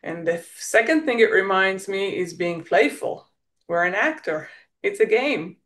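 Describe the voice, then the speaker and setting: A woman's voice: medium pitch, expressive, a little slow, a bit bright. Israeli woman searching for her words. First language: Hebrew. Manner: searching for words, restarts, light laughs. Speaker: guest. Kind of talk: reflective conversation.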